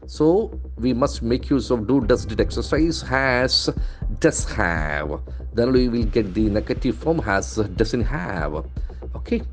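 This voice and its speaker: A man's voice: mid-range voice, big pitch swings, faint music behind. Man drilling English pronunciation. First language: not English. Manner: repeats words slowly, stresses syllables; stock phrases "okay, see", "very interesting". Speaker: English trainer.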